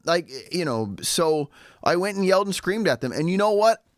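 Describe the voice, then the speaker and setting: A man vlogs straight to camera, his pitch leaping up and down as he rambles through a story full of sarcastic asides. He sounds a little tipsy, and the sound is dry and close. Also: very animated, moderate pace, no echo. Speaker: vlogger living in Shanghai. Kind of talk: casual storytelling monologue.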